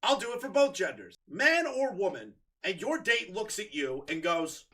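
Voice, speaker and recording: Male reaction host, bright sharp tone, mocking and incredulous. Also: on the high side, very animated, moderate pace. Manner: sarcastic, exasperated, bursts of laughter and swearing. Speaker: commentary video host.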